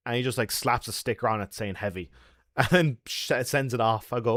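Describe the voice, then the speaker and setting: A man in his young adult years tells stories to his stream audience with lots of energy, swearing and laughing as he goes. His voice sits at an ordinary middle pitch, and the sound is dry and close, with little room echo. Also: a little fast. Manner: animated, swearing, laughing often. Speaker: YouTuber. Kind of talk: casual livestream chat and storytelling.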